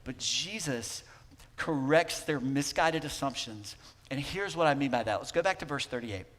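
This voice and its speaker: A man's voice: medium pitch, expressive, moderate pace. Conversational male pastor in a reverberant sanctuary. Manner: conversational preaching, swinging between emphatic and hushed. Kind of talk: sermon. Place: church sanctuary.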